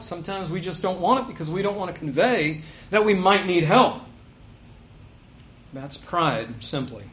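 A man with a fairly high-pitched voice preaches a sermon, swinging from loud, stressed points to quiet asides. The lo-fi recording sounds dull.

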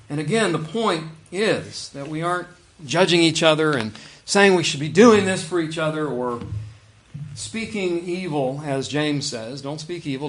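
A man preaching a sermon in a conversational way, reading scripture aloud with emphasis. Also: a little high. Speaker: pastor.

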